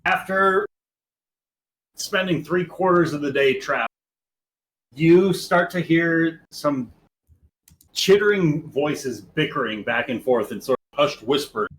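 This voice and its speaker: A man running a tabletop game as game master, narrating in a casual, halting way. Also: a little high, animated, a bit bright, poor audio.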